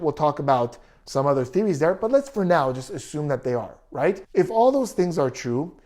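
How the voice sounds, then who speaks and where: An analytical video commentator who works through the evidence point by point and keeps asking pointed rhetorical questions. The voice sits at a middling pitch and stays conversational and steady. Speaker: commentator analyzing text messages.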